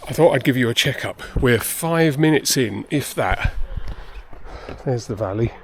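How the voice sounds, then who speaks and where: A man vlogs his hike up a crowded mountain path, talking into a phone held near his face. He is slightly out of breath, chatty and quick to poke fun at himself. His voice sits at an ordinary male pitch, with a faint outdoor hum behind him. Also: animated. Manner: chatty, self-deprecating. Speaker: hiker vlogger. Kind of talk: casual vlog chat. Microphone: handheld phone camera held close.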